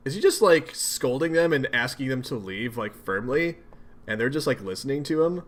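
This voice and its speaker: A man reading a webcomic aloud and commenting in a chatty, animated way, reacting with surprise. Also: mid-range voice, moderate pace. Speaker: webcomic reader and host. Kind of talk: casual read-aloud commentary.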